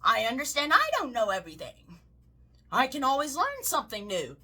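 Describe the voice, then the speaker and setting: A woman's voice: high voice, wildly swooping pitch, normal speed, sharp tone, husky. A Southern woman giving heated, profane political commentary, swinging into mocking shrieks. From American South.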